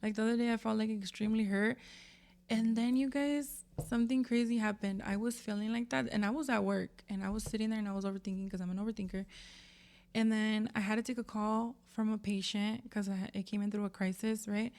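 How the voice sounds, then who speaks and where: A woman's voice: mid-range voice, fairly even intonation, fairly quick, a little mellow. A young woman co-hosting a podcast, telling personal stories candidly and emotionally, mixing Spanish words into her English and swearing freely. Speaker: podcast co-host. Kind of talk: casual chat.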